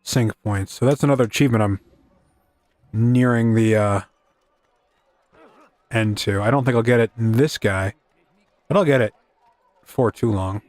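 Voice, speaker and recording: A man's voice: on the low side, normal speed, long pauses, a little mellow, dry recording. A man casually commenting as he plays a video game, rambling and cracking self-deprecating quips. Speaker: gaming video host.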